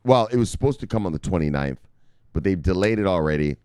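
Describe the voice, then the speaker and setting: A man hosting a crypto news show, talking casually and brashly to his viewers, swearing often and reading out viewer shout-outs. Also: low-pitched, lively intonation, fast talker, clean tone, no room sound. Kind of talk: casual profane market commentary to viewers.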